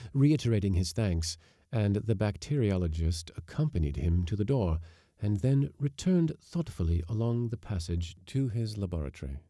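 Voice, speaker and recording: A man reading a classic short story aloud with expressive, dramatic delivery. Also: fairly low pitch, no room sound, studio quality.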